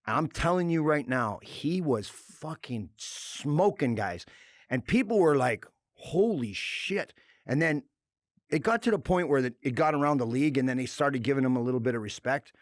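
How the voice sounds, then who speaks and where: A man's voice: mid-range voice, moderate pace, dry recording, studio quality. A middle-aged man, a former hockey enforcer, talking bluntly and with lots of swearing as a podcast guest. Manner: blunt, profane, animated storytelling. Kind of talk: casual chat.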